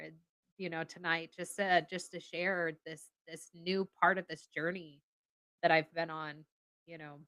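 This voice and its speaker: A woman appearing as a guest on a live stream, speaking in an earnest, halting way with repeated fillers. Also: low-pitched, sharp tone, smooth, dry recording. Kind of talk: casual live-stream talk.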